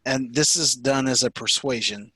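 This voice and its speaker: A man playing a tabletop game, talking loudly and excitably. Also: medium pitch, normal speed, slightly rough, no room sound, poor audio. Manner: loud, excitable talk. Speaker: player. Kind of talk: casual tabletop game play.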